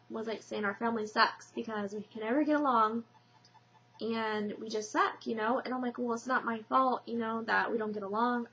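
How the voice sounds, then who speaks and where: A woman's voice: on the high side, a bit bright, a little hiss or hum. A young woman vlogging casually, telling a story in a rambling way with many fillers and restarts. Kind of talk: casual personal vlog. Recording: lo-fi dull webcam audio.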